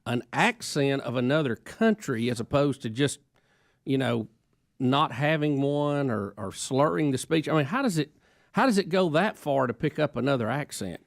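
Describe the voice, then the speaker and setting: A man's voice: medium pitch, expressive, vocal fry, no room sound, clean studio sound. A man hosting a radio talk show and asking guests questions. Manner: asks guests questions in quick bursts.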